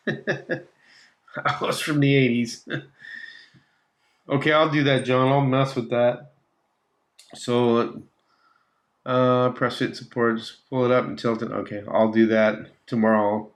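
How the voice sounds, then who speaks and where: A man hosting a casual livestream, chatting with viewers and reading their comments, laughing often and trailing off mid-thought. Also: medium pitch. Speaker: livestream host. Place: home slot car track room.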